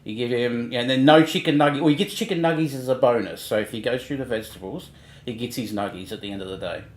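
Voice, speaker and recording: A man's voice: medium pitch, fast talker, echoey room. A man hosting a livestream, casually ranting and mocking people in online drama, laughing between points. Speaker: livestream host.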